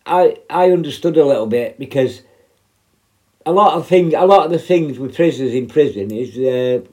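A man's voice: medium pitch, animated, moderate pace, a little mellow. A man, a former prison officer, telling rambling, heavily sweary stories in casual talk. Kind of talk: casual spoken storytelling.

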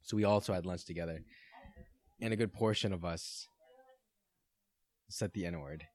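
A man's voice: deep voice, a little mellow. A young man in his twenties co-hosting a podcast, telling stories with lots of laughing and swearing. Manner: laughing, swearing, fast anecdotal storytelling. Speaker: podcast co-host. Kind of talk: casual chat.

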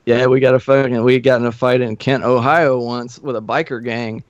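A man guesting on a podcast spins rowdy road stories in a loose, profane way, slipping into quick impressions of the people in them. His voice sits at an ordinary pitch. The sound is dull and muffled, dry and close. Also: steady tone, no room sound. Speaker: guest musician. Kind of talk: casual storytelling chat.

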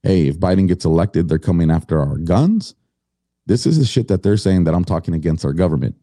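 A man's voice: low voice, expressive, brisk, mellow, dry recording, studio quality. A middle-aged man telling his story as a podcast guest, blunt and indignant, swearing freely.

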